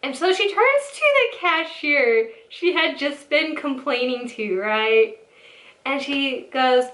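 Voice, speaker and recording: A woman's voice: fairly high pitch, normal speed, a bit bright. A young woman in her twenties telling a casual storytime, rambling and mocking. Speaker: storytelling vlogger. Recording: echoey room.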